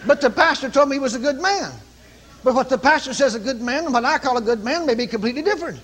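A man preaching, telling a story with animated, commanding calls. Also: very high voice, fast, slight background noise. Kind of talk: sermon storytelling.

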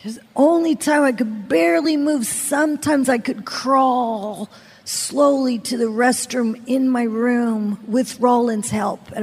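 A woman's voice: a little high, darkish tone, husky. A woman preaching a sermon as a personal testimony, telling her story dramatically and acting out the people she quotes. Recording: long hall reverb.

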